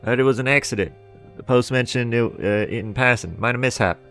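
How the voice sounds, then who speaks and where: A man's voice: medium pitch, fairly quick, a bit bright, soft background music, natural voice. A man voicing a shrewd female orc guild agent who speaks in a smug, prying, mock-formal way.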